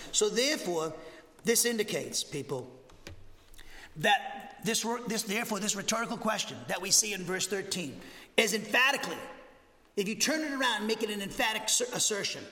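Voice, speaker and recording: A man's voice: sits high, big-room sound. A man with a Southern American accent teaching an expository Bible lesson as pastor, emphatic and driving his points home, often restarting his sentences. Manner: emphatic, rising to near shouts on key points, frequent restarts. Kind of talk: expository sermon. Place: church sanctuary.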